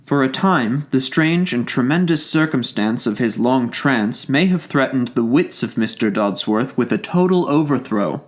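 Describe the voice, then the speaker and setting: Male audiobook narrator, measured and formal, medium pitch. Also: lively intonation. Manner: measured, formal literary reading. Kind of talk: scripted narration of a classic story.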